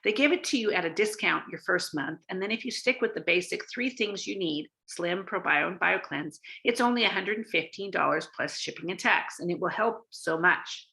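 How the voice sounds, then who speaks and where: A woman's voice: fairly low pitch, expressive, moderate pace, vocal fry, few pauses, pushed and bright. A woman from Canada giving a casual sales training talk, chatty, with many fillers and restarts.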